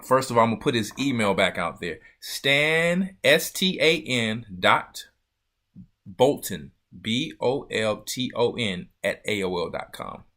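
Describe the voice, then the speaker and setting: A man's voice: mid-range voice, animated, a little slow, bright, forceful tone. A man, a church elder, hosting a loose, joking livestream chat with viewers. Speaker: church elder and show host.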